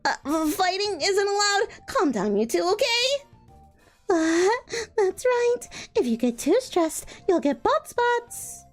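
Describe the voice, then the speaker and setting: A woman voicing a cheerful, eager young catgirl maid, reading game dialogue aloud in a bright, coaxing singsong. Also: extremely high pitch, very animated, slow, faint music behind, voice pushed up, heavily acted. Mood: soothing.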